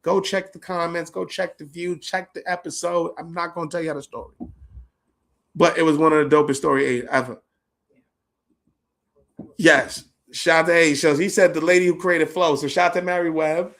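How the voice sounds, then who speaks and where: High-voiced New man telling stories. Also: moderate pace, vocal fry. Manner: animated, slangy, profane storytelling with laughs. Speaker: podcast host. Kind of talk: casual reminiscing monologue.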